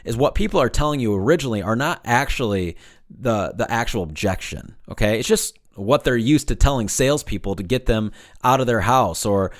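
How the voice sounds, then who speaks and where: A man hosting a solo coaching podcast on sales, direct and energetic, often checking in with "okay?" and "right?". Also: medium pitch, a little fast.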